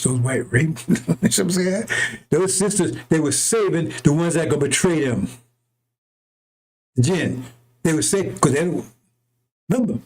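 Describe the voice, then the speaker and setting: A male preacher with a high, slightly mellow voice gives an impassioned, unscripted monologue. He's heated and profane, often repeating himself and asking "right?" or "see?"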